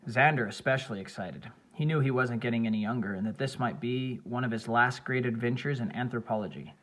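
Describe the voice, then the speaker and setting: A male narrator reading an adventure audiobook with steady, measured delivery. His voice sits at a middling pitch. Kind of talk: scripted narration.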